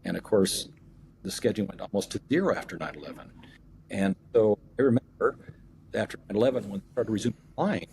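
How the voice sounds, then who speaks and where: A middle-aged man, an airline captain and union rep, telling a long story as a podcast guest and pausing often on fillers and restarts. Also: on the low side, gravelly, a little mellow, slight background noise. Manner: rambling, many fillers and restarts. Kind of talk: storytelling in an interview.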